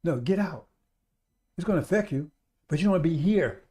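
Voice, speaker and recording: A man preaching on the radio in a fervent, repetitive street-preacher style, calling his listeners brothers and sisters and building up to loud exhortations. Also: fairly high pitch, animated, fairly quick.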